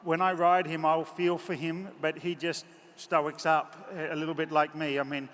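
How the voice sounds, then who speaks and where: A man's voice: a little high, level tone, normal speed, fairly bright tone, a little hiss or hum. An Australian man giving a horse clinic from the saddle, chatty, joking and openly emotional, on a headset mic in a large indoor arena. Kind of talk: live clinic commentary from horseback. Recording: echoey arena with faint ambience.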